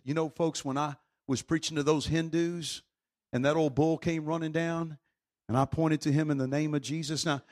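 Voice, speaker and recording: Male preacher, fervent, fairly high-pitched, loud swings between shouting and hush. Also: steady tone, moderate pace. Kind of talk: sermon.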